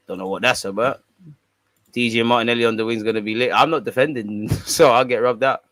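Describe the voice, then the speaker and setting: A man's voice: medium pitch, brisk, a bit bright, no echo. A man hosting a fan channel, casually reading and answering viewer comments in a slangy, bantering way. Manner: slangy, laid-back, bantering.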